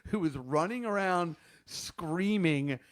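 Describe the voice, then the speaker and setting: A man's voice: high-pitched, animated, slow pace. Profane, chatty New man. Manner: profane storyteller, loud when he quotes people. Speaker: podcast host. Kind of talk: casual chat.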